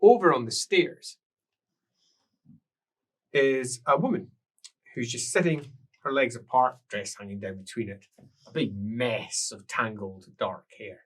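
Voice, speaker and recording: A game master narrating an improvised tabletop game, animated and switching between characters. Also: mid-range voice, unhurried, long pauses, breathy edge, far from the mic. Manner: animated, voices several characters.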